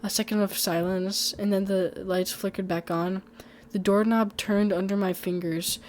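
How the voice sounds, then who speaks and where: A woman's voice: mid-range voice, fairly even intonation, normal speed, darkish tone, slight background noise. Woman narrating a first-person horror story. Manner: conversational reading with small slips and restarts.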